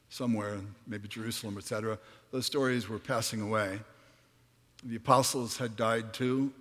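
A man preaching a sermon, reading scripture dramatically and swinging from hushed words to booming ones. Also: big-room sound. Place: large church hall.

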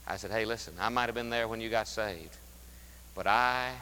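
A man preaching a sermon as pastor, emphatic, rising loud and dropping to a hush. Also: fairly low pitch, moderate pace, long reverb tail, slight background noise, poor audio. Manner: emphatic, swings from loud to hushed. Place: church sanctuary.

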